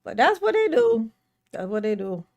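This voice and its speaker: A woman's voice: on the high side, normal speed, highs cut off. A woman hosting a casual livestream. She greets viewers by name, laughs often and rants animatedly. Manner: animated ranting. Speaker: livestream host.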